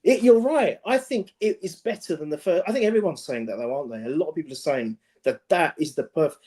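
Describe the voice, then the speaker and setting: Excitable man, mellow voice. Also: a little high, fairly quick. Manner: excitable and emphatic. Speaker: podcast co-host. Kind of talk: casual football podcast chat.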